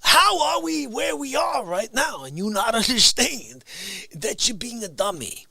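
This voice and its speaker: A middle-aged man hosting a livestream, chatting and ranting comically to viewers, dropping to whispers and jumping to shouts. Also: very high-pitched, a little slow, gravelly, breathy edge. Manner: excitable, swings from whispers to shouts; playful comic ranting to the chat. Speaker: livestream host. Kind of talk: animated livestream chat.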